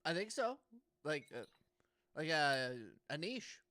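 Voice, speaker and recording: A man's voice: on the high side, big pitch swings, takes it slowly, pushed and bright, no room sound. A young man co-hosting a casual comedy podcast, rambling and stammering through restarts. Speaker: podcast co-host.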